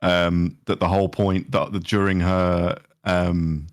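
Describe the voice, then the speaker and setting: Deep-voiced relaxed man chatting. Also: slow pace, smooth, no echo, clean studio sound. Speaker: guest. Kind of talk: casual chat.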